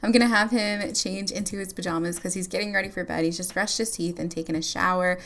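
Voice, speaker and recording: A woman's voice: lowish voice, fairly even intonation, fast, vocal fry, a bit bright. Chatty woman narrating her game. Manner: chatty, giggly, lots of filler words. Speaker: gameplay YouTuber. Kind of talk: casual gameplay commentary.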